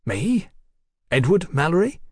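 A man's voice: fairly high pitch, big pitch swings, a little slow, slightly rough, dry recording, clean studio sound, pitched above the performer's own voice, heavily acted. A male narrator voicing a flustered Victorian scientist who blurts out his words in anxious indignation. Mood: agitated.

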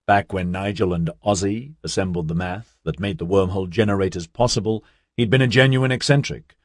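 A man narrating a novel in a measured, steady storytelling manner. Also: low-pitched, no room sound, studio quality. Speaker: audiobook narrator. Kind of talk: scripted narration.

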